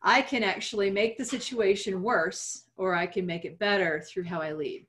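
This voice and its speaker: A woman's voice: medium pitch, moderate pace, a bit bright. A woman in her forties, a guest in an interview, talking earnestly and reflectively with light laughs. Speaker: guest speaker. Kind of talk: interview conversation.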